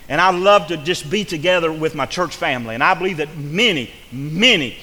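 A male pastor preaches in a bright, high voice. He repeats his phrases and restarts them fervently. The sound rings with long reverb, as in a church hall. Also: lively intonation, a little fast. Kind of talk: sermon.

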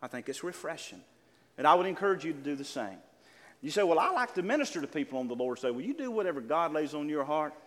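An older man preaching a sermon to a congregation, calling out amens and building to loud, exclaimed lines. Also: fairly high pitch, sing-song, quick pace. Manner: preaching with call-and-response amens, building to shouts. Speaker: pastor. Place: church. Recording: church hall with long reverb.

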